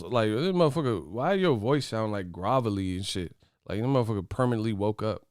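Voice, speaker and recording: A man's voice: on the low side, animated, fairly quick, darkish tone, no room sound, clean studio sound. A man hosting a casual boxing commentary channel, brash, profane and mocking as he trash-talks to his viewers.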